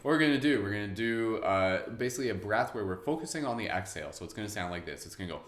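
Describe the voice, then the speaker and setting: A man's voice: fairly low pitch, lively intonation, fast talker, a bit bright. Chatty man hosting a live meditation. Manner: chatty, upbeat, loose. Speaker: meditation host. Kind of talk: live-streamed guided meditation. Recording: roomy echo.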